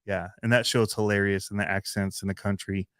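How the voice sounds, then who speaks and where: A man hosting a hobby channel livestream, chatting in a rambling, relaxed way with lots of fillers and little laughs. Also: fairly low pitch, brisk, clear, resonant tone, no echo, clean studio sound. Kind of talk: casual livestream chat.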